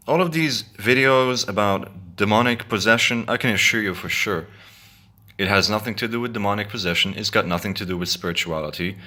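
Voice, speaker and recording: A video blogger with a lowish, sharp-toned voice speaks earnestly to his viewers in a casual monologue. He's repetitive and keeps stumbling and restarting his words.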